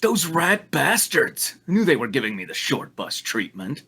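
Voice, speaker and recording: A man's voice: on the high side, big pitch swings, normal speed, bright, forceful tone, husky, heavily acted. A man reading as a snarky ex-con.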